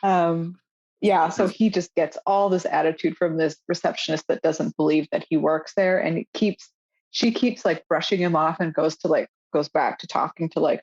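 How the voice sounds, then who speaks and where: A young woman co-hosting a podcast, recapping a show in casual, animated chat full of fillers and swearing. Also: deep voice, dull audio. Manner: animated, swearing, lots of fillers and quoted lines. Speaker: podcast co-host.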